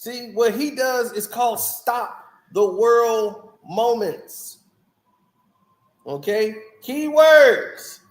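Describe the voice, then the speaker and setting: High-voiced guy reviewing music real slow and casual, lots of laughing and jabs, echoey room. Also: animated. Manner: laughs often, mocking asides. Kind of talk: casual opinionated commentary.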